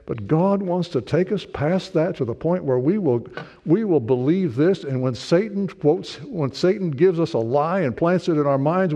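Mellow-voiced man preaching conversationally. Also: a little high, lo-fi sound. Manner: conversational preaching with rhetorical questions and voiced inner thoughts. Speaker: pastor. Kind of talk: sermon.

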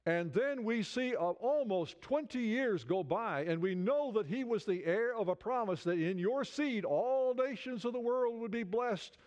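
A man delivers a sermon in a conversational, searching way, restarting phrases as he builds toward fervent appeals. His voice sits high for a man. The recording is muffled and lo-fi. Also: lively intonation, measured pace, few pauses, darkish tone. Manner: conversational preaching, many restarts, rising fervor. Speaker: preacher. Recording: dull lo-fi sound.

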